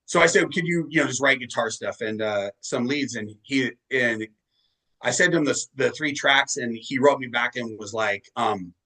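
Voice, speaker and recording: A man's voice: medium pitch, moderate pace, bright, forceful tone, low-quality recording. A male musician being interviewed, telling long rambling anecdotes in casual chat and swearing freely. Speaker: musician guest.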